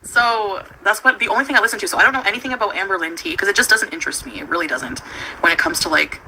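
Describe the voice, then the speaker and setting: A chatty woman hosts a relaxed livestream, drifting from thought to thought and laughing easily. Her voice sits at an ordinary middle pitch. The stream audio carries a clear layer of background noise. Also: rapid-fire, rough recording. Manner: chatty, giggly, trails off mid-sentence. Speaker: livestream host. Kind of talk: casual rambling chat.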